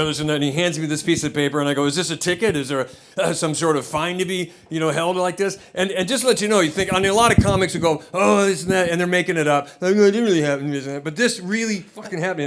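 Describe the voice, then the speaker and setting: A man's voice: fairly high pitch, fairly bright tone. An American man telling a profane stand-up story, acting out both sides of the dialogue on a comedy club stage. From United States. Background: audience laughter.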